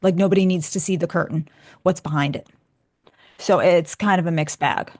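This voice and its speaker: A woman's voice: fairly low pitch, moderate pace, no room sound, studio quality. A woman hosting a radio show, chatting candidly and with feeling as she answers listener questions. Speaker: radio show host and author.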